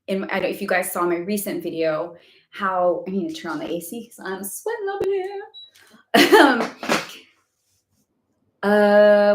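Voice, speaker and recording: A woman hosting a casual live spiritual Q&A, chatty and rambling with lots of fillers. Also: medium pitch. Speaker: spiritual guidance host. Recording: echoey room.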